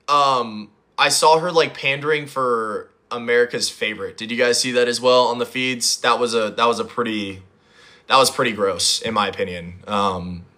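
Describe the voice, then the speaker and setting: A young man hosting a livestream, chatting casually and rambling as he answers chat comments, his voice a little hoarse. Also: mid-range voice, pushed and bright. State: hoarse, voice recovering. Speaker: livestream host.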